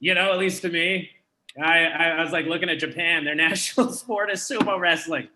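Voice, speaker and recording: A man's voice: a little high, a little fast, background noise. A young man from Canada doing a live stand-up comedy set, self-deprecating and conversational. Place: comedy venue with live audience.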